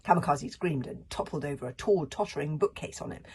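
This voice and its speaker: A woman's voice: low-pitched, fairly quick, a little mellow, slightly rough. A woman reading a children's book aloud, breaking off to chat and comment on the story. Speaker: reader.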